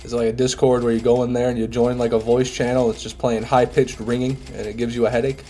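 A man's voice: medium pitch, level tone, fast talker, warm tone, a little hiss or hum. A young man streaming a game live, chatting casually with viewers, reading chat aloud and swearing now and then, while sick with a head cold. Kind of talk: casual live gameplay commentary.

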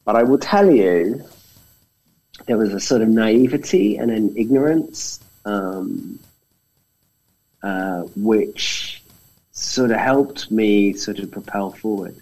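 Deep husky British man. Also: slow, low-quality recording. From Britain. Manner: animated storyteller, acts out quotes. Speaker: film director guest. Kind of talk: casual storytelling conversation.

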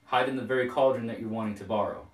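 A man's voice: medium pitch, steady tone, fast talker, natural voice. A man voicing an eager, fussing giantess mother, recorded with a roomy echo from a distant mic. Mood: cautious. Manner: gushing, fussing.

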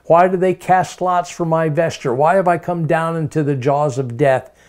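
A man voicing a bewildered condemned man who pleads in a rapid string of plaintive questions. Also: on the high side, a little mellow, close to an everyday voice. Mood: baffled pleading.

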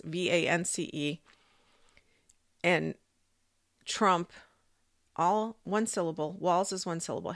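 Brief: low-voiced woman, casual rambling vlog talk, dry close-mic sound. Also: fairly bright tone, dry recording. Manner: rambling, thinking aloud with fillers and restarts. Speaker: psychic vlogger. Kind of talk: casual monologue.

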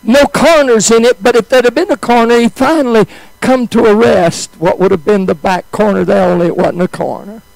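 A male preacher telling a story in a sermon, swinging from high exclamations to hushed, drawn-out phrases. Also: creaky, no echo, poor audio.

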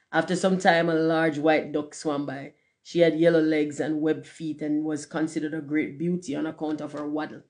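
A storyteller reading a storybook aloud in a steady, measured way. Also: mid-range voice. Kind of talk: storybook read-aloud narration.

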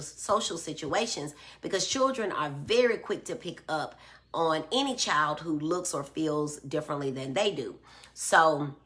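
A woman's voice: low voice, fairly bright tone. A middle-aged woman hosting a live stream, reading out viewer comments and explaining patiently with everyday examples. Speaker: host answering viewer comments. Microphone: phone or tablet.

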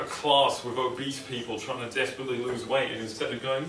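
A man's voice: medium pitch, little pitch movement, quick pace, hardly any pauses, far from the mic. An English man hosting a cooking vlog, rambling casually and joking at his own expense. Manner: joking, self-deprecating, rambling. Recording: echoey room, mic some way off, faint noise.

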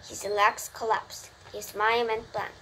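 A woman whose first language is Korean reads an English children's novel aloud slowly and carefully, backing up to restart words she trips on. Her voice sits fairly high, and clear background noise runs under the home recording. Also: little pitch movement. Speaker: parent reading to a child.

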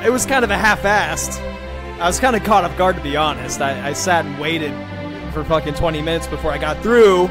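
Hyped, profane male podcast host. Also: high voice. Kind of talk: casual chat.

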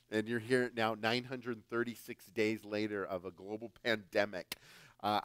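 A male preacher from the United States speaks at a middle pitch, casual and emphatic, pushing some phrases loud and dropping others low. The recording is dry and close, with no room sound. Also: clear, resonant tone, dry recording. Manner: emphatic, conversational, swings louder and softer. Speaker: guest pastor. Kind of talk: sermon.

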